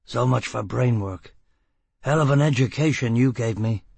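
A man voicing a tough, blunt, determined man who talks in gruff, clipped bursts. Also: mid-range voice, normal speed, a little mellow, no room sound. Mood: weary. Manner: gruff, clipped and rough-spoken.

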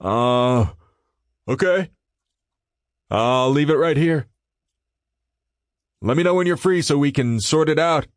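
A man voicing a young male coworker who talks quickly and hesitantly, with fillers. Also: a little high, animated, no echo, studio quality, pitched above the performer's own voice. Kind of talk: audiobook character voice.

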